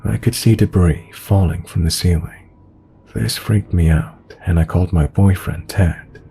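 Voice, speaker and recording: Male narrator for a scripted story read: very low, dark tone, even delivery. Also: gravelly, a little hiss or hum. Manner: even, measured first-person reading.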